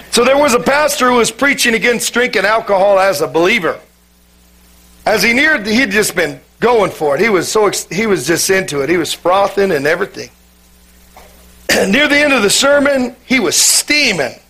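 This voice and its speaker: Male pastor, raspy and high, playful banter, fervent in prayer. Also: sing-song, normal speed, sharp tone. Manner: joking, playful with the congregation; fervent worship-leading in prayer. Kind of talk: sermon.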